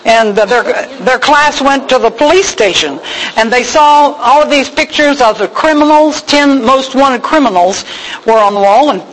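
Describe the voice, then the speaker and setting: A woman's voice: high voice, moderate pace, poor audio. Folksy woman giving heartfelt testimony. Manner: emotional, folksy storyteller with many fillers. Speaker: speaker at a women's church gathering. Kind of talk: personal testimony talk.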